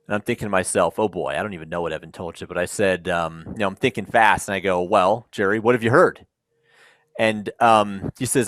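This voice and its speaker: A man's voice: fairly low pitch, steady tone, brisk, fairly bright tone, no room sound. A man speaking on a panel, telling the story of a startup in a conversational way, with frequent ums, and acting out the people in it.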